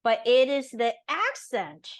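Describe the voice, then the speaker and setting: A woman from Taiwan, whose first language is Taiwanese Mandarin, speaks slowly in a fairly high, sing-song voice on a low-quality recording. As an interview guest in a conversational interview, she makes her points earnestly and emphatically, often adding tag questions to check in.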